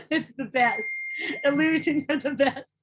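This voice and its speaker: A woman with a slightly high voice hosts a loose, unscripted group talk. She rambles, swears freely and laughs often between thoughts. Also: measured pace, lo-fi sound, background noise. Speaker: host of a spiritual dialogue group. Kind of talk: casual live group talk.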